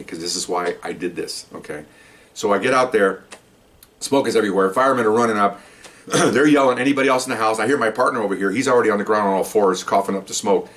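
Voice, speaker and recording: Retired cop telling a story, low voice. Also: male voice. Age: older. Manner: animated, repeats words, frequent "okay?" asides. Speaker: retired police officer. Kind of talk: casual spoken storytelling.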